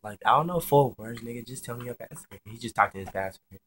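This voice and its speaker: A man's voice: medium pitch, quick pace, fairly bright tone, a little hiss or hum. A young man casually telling a personal story, chatty and slangy with lots of swearing. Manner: chatty and slangy, swears freely, many fillers.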